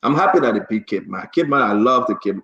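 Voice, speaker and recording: A man's voice: on the low side, expressive, fast, fairly bright tone, reverberant, muffled recording. A man hosting a live talk show, wrapping up with loose, chatty closing remarks. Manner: loose, chatty, talks over interruptions. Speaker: show host.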